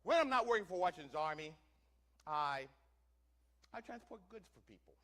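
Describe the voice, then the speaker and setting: A man's voice: high voice, big pitch swings, normal speed, pushed and bright. A man doing a first-person historical reenactment for a live audience, playing a wagon teamster and quizzing listeners with questions in a theatrical way. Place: church hall, before an audience.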